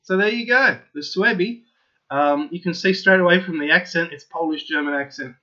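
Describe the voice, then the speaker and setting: Excitable high-voiced man, lo-fi sound. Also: normal speed. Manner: excitable, insistent, keeps repeating himself. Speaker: channel host. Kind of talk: opinionated solo monologue to viewers.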